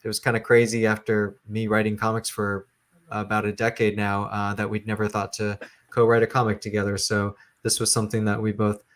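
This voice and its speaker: A man's voice: on the low side, monotone, a little fast. A man, a comic book writer, talking about his work in an interview, with many fillers and restarts. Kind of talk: casual interview talk.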